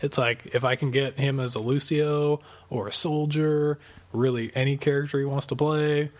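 A man's voice: mid-range voice, fairly even intonation, moderate pace. A man co-hosting a casual podcast chat, easygoing and murmuring agreement often. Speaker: podcast co-host.

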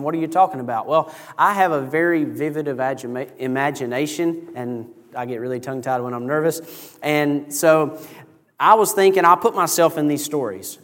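A man preaching a sermon in a church, retelling a story in a lively, animated way. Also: medium pitch, long reverb tail. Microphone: microphone over PA.

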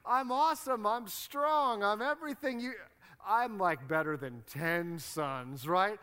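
A man's voice: high voice, unhurried, pushed and bright, clean tone, long reverb tail, voice pushed up. A man voicing a clueless, boastful husband who talks in a pompous, oblivious way.

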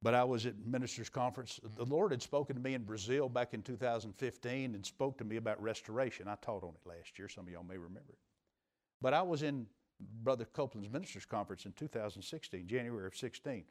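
Quick-paced and mid-range, this middle-aged pastor preaches a sermon in a church sanctuary, swelling to forceful high points before falling to hushed, intimate remarks.

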